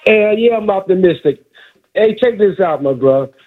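A man's voice: high-pitched, animated, normal speed. A male caller on a sports radio show, pushing back skeptically and stumbling over his words. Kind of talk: argumentative sports call-in. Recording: tinny phone line.

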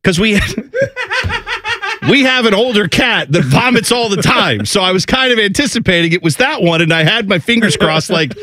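A man in his thirties telling a lively family story in casual chat, acting out his kids' voices. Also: high-pitched, normal speed, no echo, studio quality. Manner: animated, acts out family voices.

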